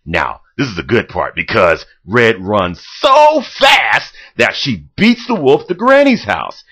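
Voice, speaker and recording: A boastful, overexcited storybook narrator, played by a man reading aloud, loud and rambling. His bright voice leaps high and swings all over its range. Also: huge pitch swings, takes it slowly, breathy edge, full character voice. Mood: excited.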